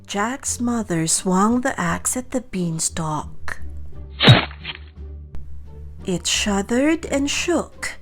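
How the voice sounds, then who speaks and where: Very slow woman reading a children's story. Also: mid-range voice, soft background music. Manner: slow, expressive read-aloud.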